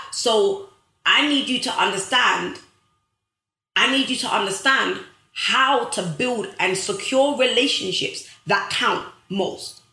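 A woman's voice: medium pitch, sharp tone, reverberant. A young woman hosting a live stream, giving a motivational talk to her viewers with emphatic, preachy repetition and calling them guys. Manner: preachy, emphatic, repeats phrases for effect; addresses viewers directly as guys.

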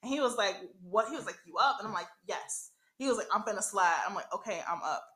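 A young adult woman hosting a podcast, telling a profane story in casual chat, animated and laughing often. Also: mid-range voice, quick pace, echoey room. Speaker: podcast host.

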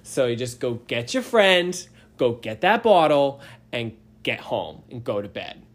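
A man putting on a stern but lenient male police officer with a Boston accent, delivering slow, drawn-out warnings. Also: medium pitch, sing-song. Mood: lecturing.

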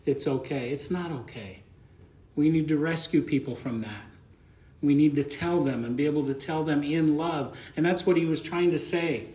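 A man's voice: a little high, normal speed, a little mellow, roomy sound. A man preaching a conversational sermon as pastor, plain-spoken and folksy, often repeating words as he thinks aloud.

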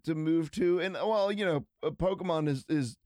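This is a man from near Pittsburgh who hosts a casual card-game podcast and laughs easily at his own jokes. His voice sits a little high for a man and comes across dry and close to the mic. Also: normal speed, no echo. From outside Pittsburgh, Pennsylvania, US. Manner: laughs often, relaxed and self-mocking. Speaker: podcast host.

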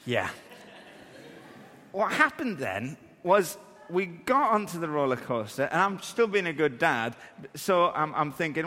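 A man, preaching and telling a funny story about himself in a lively way that acts out the scenes. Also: fairly high pitch, a little slow, long reverb tail. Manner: animated, self-deprecating, acts out scenes. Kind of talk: humorous sermon storytelling.

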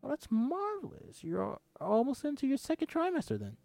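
A man voicing a prim, perky woman in her early thirties in a high falsetto. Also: huge pitch swings, normal speed, gravelly, darkish tone, no echo, exaggerated voice. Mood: chipper.

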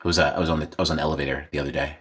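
A man's voice: a bass voice, fairly even intonation, rapid-fire, crowd noise. A man co-hosting a casual podcast chat, telling a rambling story full of restarts and repeated words. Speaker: podcast co-host.

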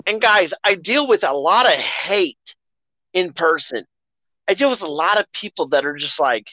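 A man hosting a casual podcast, talking in loose, rambling runs and poking fun at himself. His pitch jumps around a lot as he talks. The sound is close and dry, with no room echo. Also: animated, moderate pace, sharp tone. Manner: chatty, self-deprecating, rambling. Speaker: podcast host.

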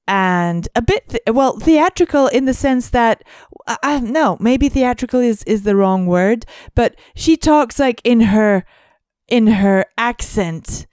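Woman, podcast co-host, smooth clear voice, dry close sound, halting musing delivery. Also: fairly high pitch, a little mellow, no echo. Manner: hesitant, many fillers and restarts, musing. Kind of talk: casual podcast chat.

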